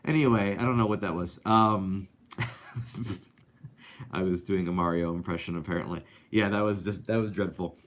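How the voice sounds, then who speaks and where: A man's voice: deep voice, steady tone, moderate pace. A man hosting a live animation talk show, chatting casually and reading out viewer comments with lots of fillers. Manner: chatty, upbeat, rambling with many fillers.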